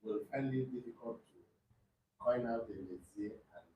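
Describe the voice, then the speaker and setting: Nigerian male student, halting and questioning; distant in an echoey room with faint room noise. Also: mid-range voice, muffled recording. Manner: questioning, halting, searches for words. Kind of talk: classroom discussion.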